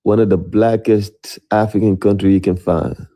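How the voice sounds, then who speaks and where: A man's voice: on the low side, fairly even intonation, normal speed, mellow, rough recording. A man from Senegal, a caller on a stream, laid-back and laughing things off. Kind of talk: casual call-in argument.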